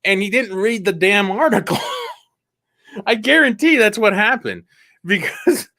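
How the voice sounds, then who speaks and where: A man's voice: high-pitched, expressive, unhurried, pushed and bright, no room sound. A man co-hosting a casual podcast chat, profane and rambling, with frequent laughs. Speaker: podcast co-host.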